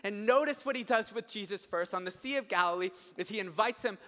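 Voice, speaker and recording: A man preaching an energetic sermon, telling the story with animated delivery that climbs into shouts. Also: sits high, fairly quick, hardly any pauses. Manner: animated storytelling, acts out voices, rising to shouts. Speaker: pastor. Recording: long hall reverb.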